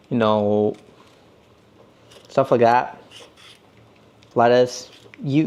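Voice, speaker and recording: A mid-pitched man chatting casually through a home cooking stream. He rambles easily and talks straight to his viewers while he works in his kitchen. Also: creaky, a little mellow, slight background noise.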